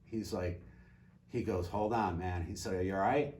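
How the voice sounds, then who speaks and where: Low-voiced retired man telling a story. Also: normal speed. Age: older. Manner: animated storyteller, acts out quoted dialogue. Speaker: guest. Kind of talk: casual storytelling. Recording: distant mic with faint ambient noise.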